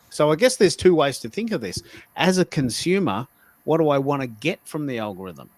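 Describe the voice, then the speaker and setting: A man talking casually as a guest on a live panel, often restarting words as he goes. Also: mid-range voice. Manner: animated, self-correcting restarts.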